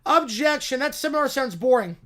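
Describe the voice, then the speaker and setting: A man's voice: extremely high pitch, expressive, a little fast, fairly bright tone. A man voicing a clueless, bumbling male defense lawyer who pleads cheerfully and obliviously in a comic courtroom skit.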